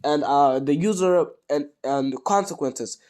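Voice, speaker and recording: A speaker with a cold tells a fan story in a loose, rambling way, often stopping to rephrase. The pitch sits in an ordinary middle range, recorded casually at home. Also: a little slow, a little mellow. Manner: rambling, many fillers and restarts. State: sick with a cold.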